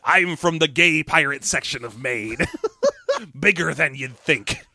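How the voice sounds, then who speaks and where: A man's voice: on the high side, animated, takes it slowly, bright, forceful tone, no room sound, studio quality, full character voice. A man putting on a campy old-timey pirate captain voice with a growly drawl, joking between podcast hosts.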